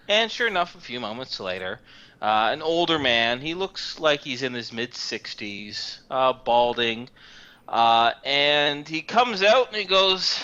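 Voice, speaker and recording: A man's voice: medium pitch, big pitch swings, measured pace, bright, forceful tone, clear, resonant tone. A man narrating a tabletop game as game master, loose and rambling with many fillers. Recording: dull lo-fi game recording.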